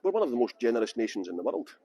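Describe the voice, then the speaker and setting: A man's voice: mid-range voice, sing-song, rapid-fire, warm tone, breathy edge, low-quality recording. A middle-aged Scottish man guiding a live-streamed tour outdoors, chatting and joking as he greets viewers by name. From Scotland. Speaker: tour guide.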